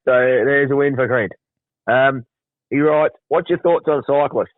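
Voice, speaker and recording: A man's voice: mid-range voice, a little slow, no echo, narrow, tinny audio. An Australian man hosting a podcast, telling crude, joking stories in casual chat. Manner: crude, storytelling banter. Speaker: podcast host.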